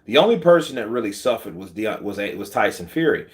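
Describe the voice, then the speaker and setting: A man hosting casual boxing commentary, slangy and animated, answering viewer comments. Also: on the low side, quick pace. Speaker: boxing channel host.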